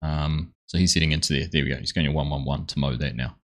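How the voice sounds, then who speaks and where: Male streamer, low voice, chatty, friendly host greeting chat. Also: fairly even intonation, fast talker, a bit bright, low-quality recording. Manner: chatty, greets viewers by name. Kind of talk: live gameplay commentary.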